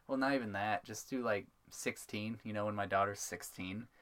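A man's voice: fairly low pitch, normal speed, a bit bright. Joking young man on a podcast. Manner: crude joking, laughs often. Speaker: podcast co-host. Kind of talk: casual podcast chat.

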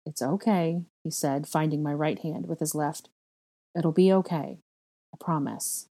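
A woman lends her voice to a teenage boy wizard, earnest and a little awkward, whose lines come out low and soft in a mellow tone. He hesitates before he speaks, gentle rather than bold. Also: a little slow.

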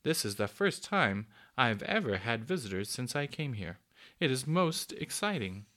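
A man voicing a kindly, lonely old female cuckoo in a storybook, with a soft, cooing, fussy, genteel manner. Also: medium pitch, big pitch swings, normal speed. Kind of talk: storybook reading.

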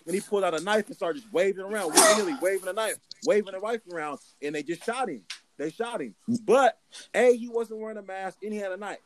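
A man's voice: sits high, quick pace, noisy background. A man co-hosting a podcast in casual banter, rambling through his argument with slang and restarts. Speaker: podcast co-host.

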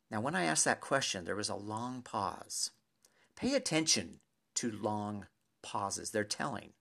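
A man telling a personal anecdote to an audience in a lively, animated way, with pauses and asides to his listeners. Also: fairly low pitch, vocal fry. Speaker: storyteller.

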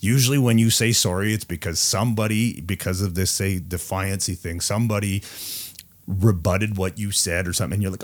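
A man's voice: sits low, a little fast. Blunt, swearing man on a podcast. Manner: blunt, heavy swearing, animated outbursts. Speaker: podcast co-host. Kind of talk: casual podcast chat.

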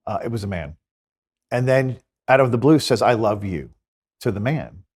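A man's voice: medium pitch, animated, moderate pace, darkish tone, breathy edge. A man, a Catholic priest and exorcist, talking earnestly in an interview and telling stories with quoted dialogue. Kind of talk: conversational interview storytelling.

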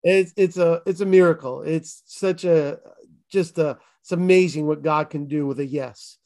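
A man's voice: fairly high pitch, moderate pace, darkish tone. A man in his fifties with a Boston accent, a pastor giving his testimony as an interview guest, earnest and emphatic, stumbling over restarts. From Massachusetts. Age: 50s. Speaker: pastor and author.

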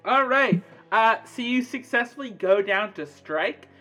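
Game master, man: high, bright, casual narration full of fillers. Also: lively intonation, unhurried, faint music behind. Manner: casual, many fillers, describes scenes.

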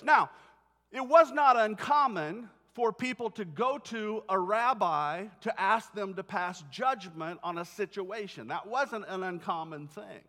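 A man's voice: high-pitched, a bit bright. A male pastor preaching a sermon in a church, telling the story conversationally and acting out voices. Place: church sanctuary. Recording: long hall reverb.

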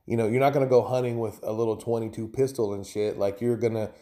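A man's voice: mid-range voice, fairly even intonation, fast talker, mellow. A man hosting his own podcast in a loose, rambling, profane way, chatting casually on his own. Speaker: podcast host. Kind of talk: casual solo podcast talk.

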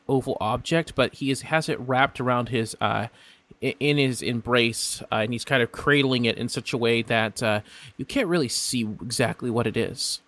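A man's voice: mid-range voice, a bit bright, no room sound. A man narrating a tabletop game as game master, in a rambling manner with many fillers and restarts. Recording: dry, close mic.

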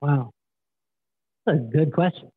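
A middle-aged man guest, telling stories in an animated way and acting out quotes. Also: fairly high pitch, takes it slowly, breathy edge, dry recording. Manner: animated storyteller, acts out quotes. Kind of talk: casual storytelling interview. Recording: tinny phone-like line, dry.

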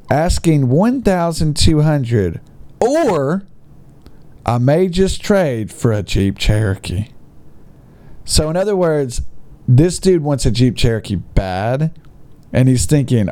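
Man, comedic commentary, sarcastic, lively pitch, mellow tone. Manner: mocking, sarcastic, quick asides. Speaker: host.

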